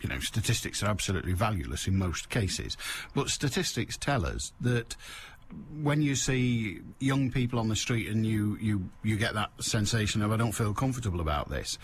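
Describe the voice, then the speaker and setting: Blunt radio host with a lively pitch. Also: male voice, moderate pace, a little hiss or hum. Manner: blunt, forceful, emphatic. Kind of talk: opinionated radio talk.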